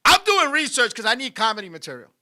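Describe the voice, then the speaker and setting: Loud high-voiced man joking. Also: fast talker. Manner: loud, animated, often shouting and laughing. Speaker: comedy show host. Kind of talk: crude stand-up style comedy banter.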